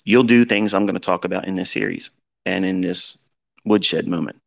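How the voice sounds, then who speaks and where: A man's voice: low-pitched, moderate pace, creaky, a bit bright. A middle-aged man lecturing as a trading mentor, giving blunt fatherly advice with rhetorical questions. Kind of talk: lecture-style talk.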